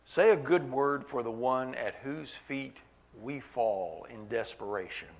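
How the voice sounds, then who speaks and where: A man's voice: medium pitch, measured pace. A man preaching a sermon at a church meeting, earnest, repeating key phrases for weight.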